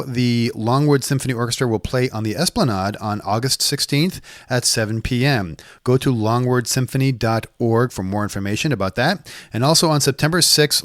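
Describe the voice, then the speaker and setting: A man hosting a music podcast, reading his intro and then chatting with a jokey, quick manner at a restaurant table. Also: mid-range voice, dry recording, studio quality. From New England. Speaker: podcast host. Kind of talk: casual podcast chat and scripted intro. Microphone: one of several table mics.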